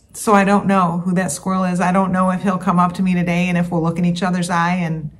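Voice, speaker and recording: A woman's voice: fairly low pitch, level tone, fast, hardly any pauses. A middle-aged woman earnestly telling a story to her camera in a casual vlog, with many fillers and heartfelt asides. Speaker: wildlife vlogger.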